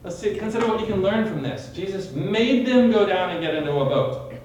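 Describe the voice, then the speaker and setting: A high-voiced man teaching a small group in sermon style, animated and full of questions for his listeners. He is caught from a distance in a very roomy, echoing space. A faint hiss runs underneath. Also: a little fast. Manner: animated, quizzes listeners by name, dramatic retelling. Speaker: Bible study leader. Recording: echoey room from far off.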